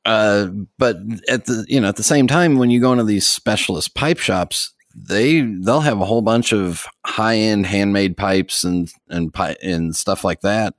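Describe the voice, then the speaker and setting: Deep-voiced man chatting on a podcast. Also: a little slow, hardly any pauses, no room sound, clean studio sound. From United States. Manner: relaxed and rambling, with frequent fillers and soft laughs. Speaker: podcast host. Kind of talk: casual chat.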